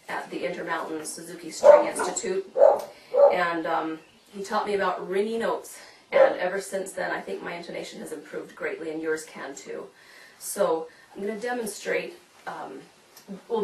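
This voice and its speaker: A woman's voice: lowish voice, darkish tone, slight background noise. A woman teaching violin, explaining step by step and demonstrating as she goes, recorded from a distance in an echoey room. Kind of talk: instructional demonstration.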